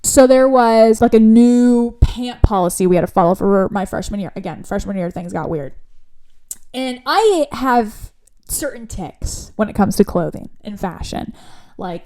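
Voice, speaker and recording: A young woman hosting a podcast, telling a personal story in a chatty, animated way with lots of asides. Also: fairly high pitch. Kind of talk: casual storytelling.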